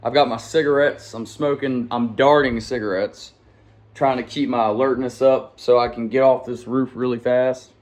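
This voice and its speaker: Guy, loose rambling storyteller, slangy, chuckling, mid pitch. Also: fairly even intonation, normal speed, a little mellow. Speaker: channel host and storyteller. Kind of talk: casual storytelling to camera. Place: at home with pets nearby.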